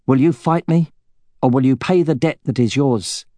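A man's voice: mid-range voice, moderate pace, warm tone, no room sound, pitched above the performer's own voice, natural voice. A man doing a stony vengeful widow. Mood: grim. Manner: cold and insistent.

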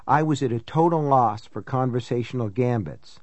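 A man narrating a first-person novel in a measured, reflective reading. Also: mid-range voice, a little mellow, no echo. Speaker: audiobook narrator.

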